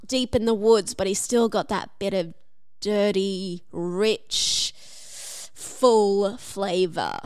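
A woman's voice: mid-range voice, takes it slowly, clean tone. A woman in casual chat, rambling playfully through a story about a wine.

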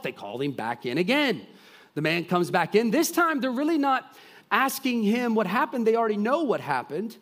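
A man preaching a sermon, retelling a story with lively acted-out voices and dropping to quiet, earnest intensity. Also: high-pitched, moderate pace. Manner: animated storytelling, acting out voices of characters; drops to soft, quiet intensity.

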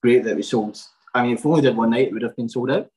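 Talking rapid-fire in a mid-range, slightly mellow voice, this twenty-something from Scotland chats casually as a podcast guest. He meanders through his story, full of fillers and restarts, on poor-quality audio.

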